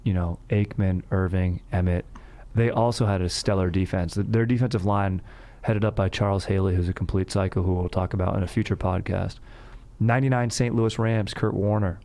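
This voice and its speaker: A man's voice: deep voice, steady tone, brisk, mellow. A man hosting a casual sports podcast, rambling and joking, often breaking into laughter. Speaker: podcast host.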